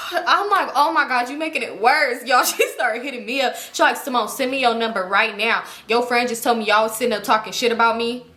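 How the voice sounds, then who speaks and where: A woman telling a story casually to her viewers, animated and profane, acting out the people she quotes. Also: a little high, fairly quick. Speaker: storytime YouTuber.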